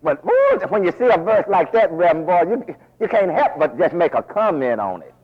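A man preaching a folksy, animated sermon full of asides, recorded as a dull lo-fi radio broadcast. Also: high voice, fairly quick.

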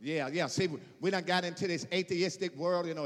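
A man preaching an emphatic sermon, repeating phrases and building to shouted peaks. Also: a little high, fairly quick, long reverb tail. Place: church.

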